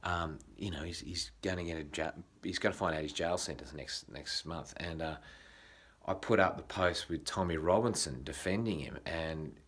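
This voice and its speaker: A man's voice: extremely low pitch, fairly bright tone, husky. An Australian man vlogging in a casual, rambling monologue, swearing often and restarting his sentences. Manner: frequent swearing, halting restarts.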